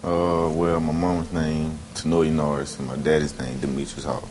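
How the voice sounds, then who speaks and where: Teen guy super deep voice, shy short answers, noisy room. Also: little pitch movement, normal speed. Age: teens. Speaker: student interviewee.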